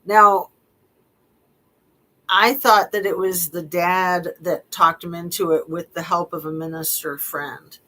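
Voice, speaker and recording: A woman's voice: lowish voice, fairly even intonation, slow pace, sharp tone, low-quality recording. A middle-aged woman reading text messages aloud and commenting on them casually, with wry, skeptical asides and frequent fillers. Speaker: true-crime commentator.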